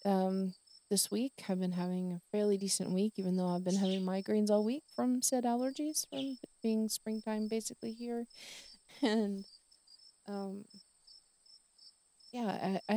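A woman in her forties hosting a solo podcast, talking in a rambling, chatty way about her week, with soft laughs. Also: mid-range voice. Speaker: podcast host. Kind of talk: casual solo podcast chat.

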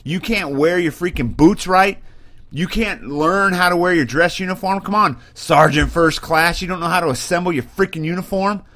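A man's voice: sits high, moderate pace, fairly bright tone. A man, an Army sergeant, hosting an opinion podcast and ranting bluntly and mockingly, getting worked up, recorded on a computer microphone. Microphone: webcam and computer mic.

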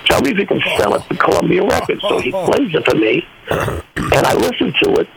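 An older man, a guest singer on a radio interview, telling stories in an animated way and acting out the dialogue. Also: high voice, brisk, gravelly, crowd noise, rough recording.

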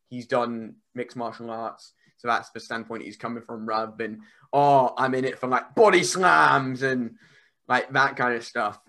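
A man's voice: mid-range voice, sharp tone. A man guesting on a podcast, chatting casually and rambling with lots of "like" and restarts. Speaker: wrestler guest.

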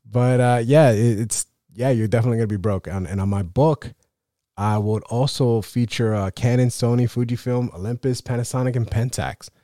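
A man's voice: medium pitch, normal speed, mellow, no echo, studio quality. A man hosting his own photography podcast, talking in a rambling, self-deprecating way with many fillers and restarts. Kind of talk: casual solo podcast monologue.

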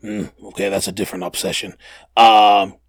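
A man's voice: fairly low pitch, flat delivery, normal speed, slightly rough, dry recording. A man hosting a casual podcast, rambling and slangy, with many fillers and restarts. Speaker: podcast host. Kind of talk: casual chat.

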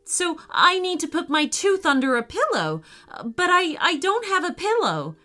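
A woman's voice: extremely high pitch, very animated, moderate pace, pushed and bright, faint music behind, pitched above the performer's own voice, full character voice. A woman voicing a big female meat-eating dinosaur who moans and wails in theatrical self-pity. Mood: gentle.

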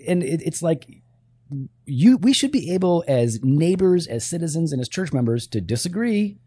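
A man co-hosting a church talk show, answering listener questions in a casual discussion, animated and thinking aloud with restarts. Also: fairly high pitch, normal speed, breathy edge, no room sound.

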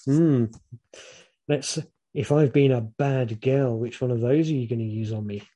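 A man's voice: medium pitch, a little slow, dark tone, natural voice. A man playfully putting on the voice of a flirty woman teasing her partner, with a suggestive, swaying delivery.

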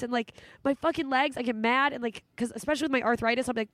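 A woman in her thirties hosts a podcast in casual chat, candid and emotional, swearing freely. Her voice sits a little high, and the sound is dry and close, with no room around it. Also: fairly even intonation, quick pace, a bit bright, dry recording. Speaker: podcast host.

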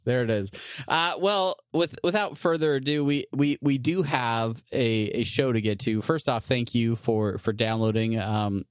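A man's voice: mid-range voice, clear, resonant tone, no echo, studio quality. A man co-hosting a podcast, chatting casually with a laid-back, joking manner and many fillers. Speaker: podcast co-host.

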